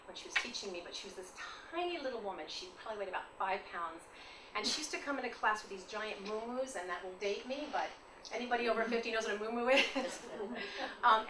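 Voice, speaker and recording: A woman in her fifties from New York, giving an informal artist's talk, chatty and rambling, telling stories with laughs and asides. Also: medium pitch. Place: lecture room. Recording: distant, echoey, noisy room audio.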